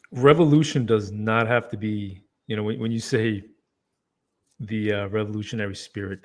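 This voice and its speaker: Low-pitched man speaking reflectively. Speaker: podcast co-host. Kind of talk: casual podcast discussion.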